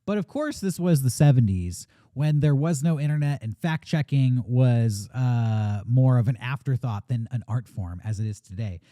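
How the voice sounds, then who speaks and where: A man hosts a casual podcast, telling a story in a relaxed, joking style full of fillers. His pitch swings widely as he talks, and his tone is mellow and warm. The sound is dry and close, with no room echo. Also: moderate pace, few pauses. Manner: chatty and jokey, with many fillers. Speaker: podcast host.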